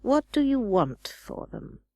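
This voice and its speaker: A woman's voice: high-pitched, sing-song, slow, warm tone, dry recording, studio quality, heavily acted. A woman voicing a bitter, brooding old jilted woman who flashes into sudden wrath, in an audiobook. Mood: probing. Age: older. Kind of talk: audiobook dialogue.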